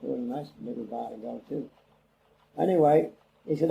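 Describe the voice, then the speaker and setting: Gravelly old man spinning a yarn. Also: mid-range voice, a little fast, long pauses, dark tone, rough recording. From England. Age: older. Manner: rambling, acts out quoted dialogue. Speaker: interviewee. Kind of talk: oral history storytelling. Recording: old cassette interview with faint hiss.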